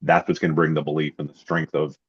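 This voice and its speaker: Deep husky man on a dull line. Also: flat delivery, fast talker. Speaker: sales agent. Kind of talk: coaching call for insurance agents.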